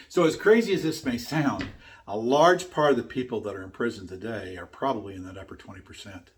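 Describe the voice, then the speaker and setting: A man's voice: on the low side, fairly quick. Earnest older man telling a story. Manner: earnest, emphatic storyteller who repeats key points. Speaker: speaker teaching his own method. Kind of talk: motivational talk with storytelling.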